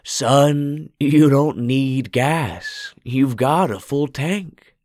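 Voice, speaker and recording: Brief: hoarse old backcountry storekeeper, slow eerie drawl, dry close sound, put on by a male narrator. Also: medium pitch, darkish tone, dry recording, voice pushed up. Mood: eerie, knowing. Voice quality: hoarse, drawling country speech.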